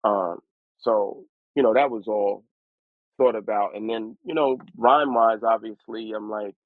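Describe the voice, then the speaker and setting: A lower-pitched man tells stories as a guest rapper in an interview, lively and fond of doing other people's voices. The sound is dry and close, squeezed thin like a phone line. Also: unhurried, no room sound. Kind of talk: storytelling interview.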